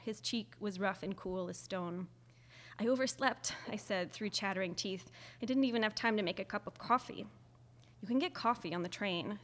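Reading a novel told in the first person, this woman keeps her voice mid-pitched and her volume steady. The performance is controlled and expressive, with the finish of a professional audiobook.

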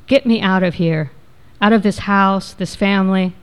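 A woman's voice: mid-range voice, normal speed, clean tone, natural voice. A woman voicing a teenage girl in pain, pleading through clenched teeth in a memoir reading.

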